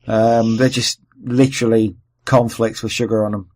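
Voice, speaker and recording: A man's voice: lowish voice, level tone, normal speed, darkish tone, low-quality recording. A man with a Welsh accent hosting a podcast, chatting casually with lots of fillers and asides. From Wales. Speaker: podcast host. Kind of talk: casual chat.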